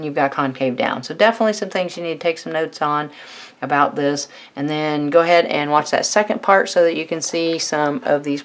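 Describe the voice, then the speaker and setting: Woman math instructor, low pitch, steady explainer for a tutorial. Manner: steady, fills pauses with "all right". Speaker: math teacher.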